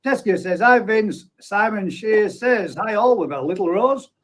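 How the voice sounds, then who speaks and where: A man's voice: high-pitched, a little slow, rough recording. A man hosting a live chat stream. He reads out viewer comments and banters with his guests in a casual way. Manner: chatty, banters and reads names aloud.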